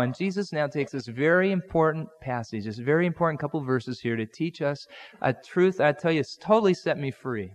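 A man's voice: fairly high pitch, lively intonation, a little fast. A male pastor preaching a conversational sermon, acting out the people in the Bible story in everyday speech. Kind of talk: expository sermon. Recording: long hall reverb.

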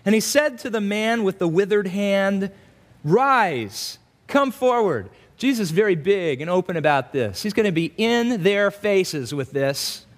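A male pastor preaching an expository sermon in an animated way, acting out quoted asides in voices. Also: high voice, moderate pace, hardly any pauses.

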